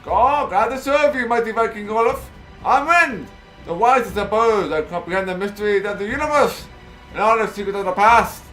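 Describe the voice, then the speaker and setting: A man's voice: high-pitched, lively intonation, moderate pace, a bit bright, faint music behind. A man voicing a boastful, self-important male raven in a fantasy game, breaking his speech with caws. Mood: grandiose. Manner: pompous, self-important, cawing.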